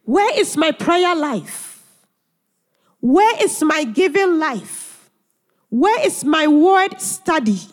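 A woman's voice: high-pitched, big pitch swings, takes it slowly, pauses often. A woman preacher delivering an earnest sermon full of emphatic rhetorical questions, heard in a church hall. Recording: long church hall reverb.

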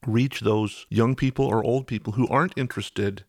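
A man's voice: mid-range voice, steady tone, moderate pace, darkish tone, no echo. Man hosting a faith podcast, dry sound. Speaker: podcast host. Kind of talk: podcast interview conversation.

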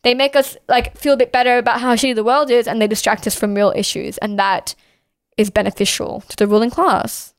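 A young woman talks politics with fiery conviction. Her voice sits a little high and comes through smooth and clean. The recording is dry and close. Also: flat delivery, dry recording. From Australia. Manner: passionate, quick, outspoken. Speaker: co-host. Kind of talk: casual political commentary.

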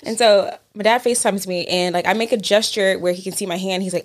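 A woman's voice: medium pitch, fairly even intonation, quick pace. Casual swearing young woman. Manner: swears freely, lots of "like" fillers. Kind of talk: casual chat.

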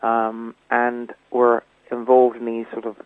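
A man's voice: medium pitch, monotone, slow, no echo. A man being interviewed as the writer of a comedy, hesitant, with many ums and chuckles. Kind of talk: radio interview. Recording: tinny phone line.

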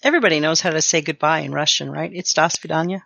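Woman player at a tabletop game, bright crisp voice, dry sound. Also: sits low, lively intonation, very fast, no echo, dull audio. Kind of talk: tabletop role-play chat.

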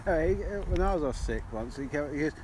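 A man co-hosting a podcast in casual chat, often pausing and restarting his sentences. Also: fairly high pitch, lively intonation, darkish tone, a little hiss or hum. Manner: hesitant, restarts often and laughs. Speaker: podcast co-host.

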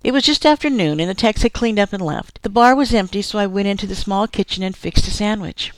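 A woman giving a steady first-person audiobook narration, recorded close in a studio. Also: medium pitch, brisk, no echo. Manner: steady storytelling.

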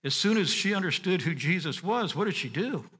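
A male pastor preaching a sermon, reading and unpacking scripture, dropping to a hush and then rising to emphatic points. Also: high voice, brisk, breathy edge, in a large hall. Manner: expressive, swinging from hushed to emphatic.

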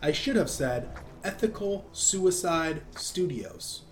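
A man's voice: a little high, expressive, slow. A man reading the part of a pompous elderly male doctor who lectures emphatically. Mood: smooth.

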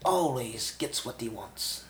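A woman's voice: extremely low pitch, expressive, slow pace, gravelly, breathy edge, full character voice. A woman playing a homesick exiled man. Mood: wistful.

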